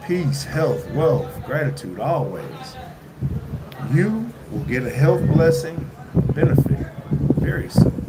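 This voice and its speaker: A man livestreaming casually from his phone while traveling, rambling and halting with many fillers and restarts. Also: fairly high pitch, sing-song. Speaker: vlogger livestreaming. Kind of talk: casual live-stream chat. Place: indoors at a lodging while traveling. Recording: loud background noise.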